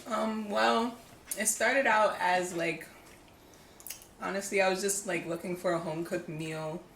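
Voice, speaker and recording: A young woman from Jamaica, a caterer, chatting as an interview guest in a relaxed, halting way with many fillers. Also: medium pitch, slight background noise. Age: young adult. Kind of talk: casual interview chat. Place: home, indoors. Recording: echoey room, faint ambience.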